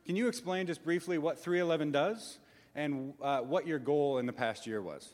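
A man's voice: a little high, normal speed, a little mellow. A man speaking as a pastor to his church, playful and acting out little voices to make his points. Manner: playful, acts out voices for effect. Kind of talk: church announcement talk. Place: church sanctuary. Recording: long reverb in a large room.

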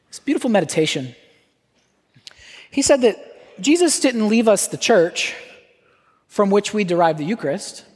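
Male pastor, earnest sermon, husky voice, echoing church hall. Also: high-pitched. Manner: earnest, slow repeated refrains, lively asides. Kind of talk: sermon leading communion. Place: church sanctuary. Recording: reverberant church hall, soft guitar.

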